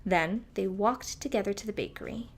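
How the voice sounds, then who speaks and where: A woman reading a storybook aloud for toddlers in a gentle, soft-spoken way. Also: medium pitch, moderate pace.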